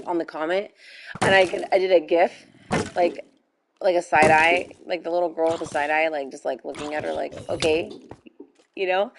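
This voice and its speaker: A woman's voice: lowish voice, background noise. A young woman chatting casually while playing a game, telling stories with lots of fillers and giggles. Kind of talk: casual chat while gaming.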